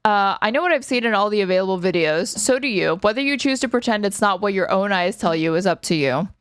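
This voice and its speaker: A woman's voice: mid-range voice, lively intonation, clear, resonant tone, no echo. A woman streaming live, commenting on news clips in a sarcastic, profane, offhand way. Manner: sarcastic, profane, quick asides.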